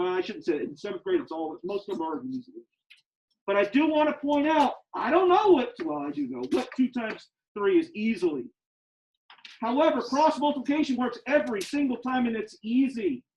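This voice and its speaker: A man's voice: extremely high pitch, darkish tone, slight background noise, poor audio. A male math teacher in a classroom who teaches emphatically, repeats key steps and teases his students with sarcasm.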